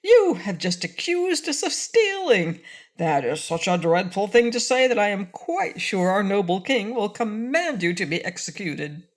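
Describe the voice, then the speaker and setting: A woman voicing a small stuffed toy bear sentry in an audiobook, squeaky, prim and pleased with himself. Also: sing-song, unhurried. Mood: smug. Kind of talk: audiobook reading.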